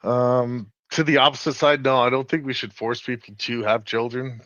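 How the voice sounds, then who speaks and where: A man's voice: medium pitch, level tone, normal speed, fairly bright tone, no room sound, muffled recording. A man arguing his side in a live online debate, insistent and explaining his points step by step.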